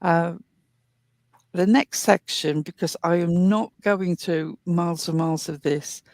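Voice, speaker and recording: A woman's voice: fairly low pitch, a little slow, darkish tone, no room sound. A woman hosting a commentary show, earnestly retelling and explaining a clip step by step. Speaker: commentary host.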